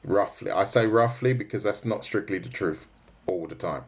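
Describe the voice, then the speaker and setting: A man's voice: on the low side, moderate pace. A man giving a casual, joking drawing lesson on a livestream, teasing his viewers. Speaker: art teacher.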